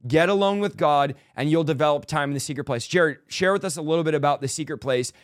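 A man hosting a faith podcast, talking in an emphatic, exhorting way and tossing in quick affirmations. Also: on the high side, no echo, studio quality. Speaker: podcast host. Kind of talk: preaching talk-show chat.

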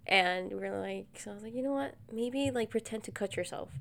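A young woman co-host chats casually with crowd noise behind her, telling stories animatedly and jumping into high, acted quoted voices. She talks fairly quickly, with vocal fry.

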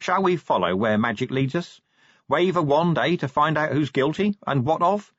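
A man voicing a weary, gruff middle-aged police commander with a dry, sardonic manner. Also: on the high side, expressive, normal speed, a bit bright, no echo, voice pushed up. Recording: dull dry audiobook recording.

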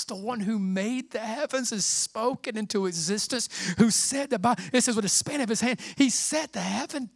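A middle-aged man preaching a sermon in a fervent, conversational way, often dropping to a hushed near-whisper. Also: very high-pitched, no echo, clean studio sound. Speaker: pastor.

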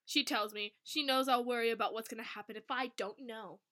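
A young woman co-hosting a podcast, reading a fan fiction aloud with lots of laughter and over-the-top excitement. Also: fairly high pitch, a little fast. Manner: animated, laughs often, reads story lines with exaggerated excitement. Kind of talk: casual chat and dramatic reading.

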